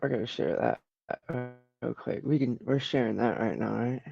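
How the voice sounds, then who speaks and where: A man casually talking through a screen-share, slangy and profane, reacting with loud disbelief to what he finds. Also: mid-range voice, animated, moderate pace, gravelly, breathy edge, soft background music. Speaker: vlogger browsing trending searches. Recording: dull lo-fi dry sound.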